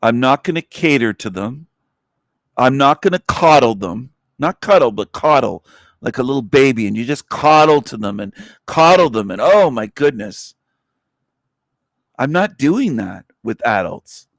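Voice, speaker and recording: A man's voice: mid-range voice, animated, unhurried, no room sound, clean studio sound. A man hosting a livestream in a blunt, profane angry rant, with scornful laughs scattered through it. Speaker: livestream host.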